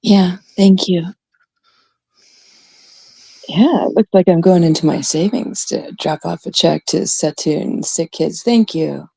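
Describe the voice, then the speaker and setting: A woman's voice: fairly low pitch, slow pace, gravelly, slightly rough, no echo. A Canadian woman hosting a livestream, ranting bluntly and swearing as she chats with viewers. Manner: blunt, swearing, animated rants. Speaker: livestream host. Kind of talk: casual livestream chat.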